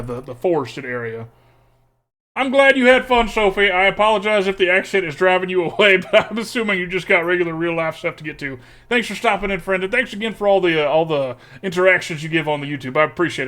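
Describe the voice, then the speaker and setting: Streamer, male, put-on Texas drawl, folksy and joking, a touch high-pitched. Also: a bit bright. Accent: put-on exaggerated Texas drawl. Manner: folksy, joking, chats with viewers. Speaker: streamer playing a card game. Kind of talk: casual live-stream commentary.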